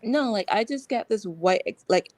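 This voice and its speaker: A woman's voice: mid-range voice, expressive, moderate pace, darkish tone, dry recording, low-quality recording. Chatty woman going on about reality tv, lots of likes and ums, dead dry sound. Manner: rambling, frank, lots of fillers. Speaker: guest. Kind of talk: casual chat.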